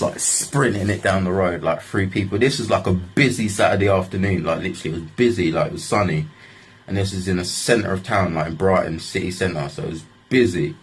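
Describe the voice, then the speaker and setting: A young man tells a story in a deep, husky voice. He rambles and swears freely, and keeps padding his lines with "like". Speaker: vlogger. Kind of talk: casual storytelling.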